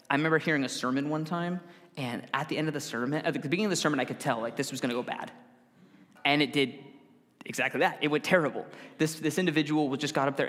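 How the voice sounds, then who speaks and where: Man preaching in a reverberant hall. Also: medium pitch. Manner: conversational with self-corrections and acted-out quotes. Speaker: pastor. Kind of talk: sermon.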